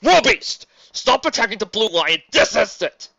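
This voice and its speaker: A man's voice: mid-range voice, moderate pace, natural voice. A man voicing an arrogant young villain prince who barks orders imperiously, in a dull lo-fi recording. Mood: furious.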